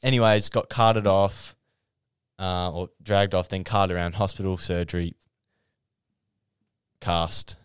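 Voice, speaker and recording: A young man with a very low voice, talking through a casual podcast chat in restless, animated bursts. He keeps restarting his sentences and fills them with "like". The sound is dry and close. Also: slow pace, long pauses, clear, resonant tone, dry recording. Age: young adult. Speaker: podcast co-host.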